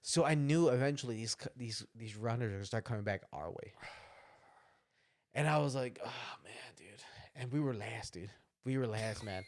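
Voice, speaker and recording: Animated, laughing young man telling a story. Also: normal speed. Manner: animated, laughing, acts out quotes in higher voices. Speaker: podcast co-host. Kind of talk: casual storytelling chat.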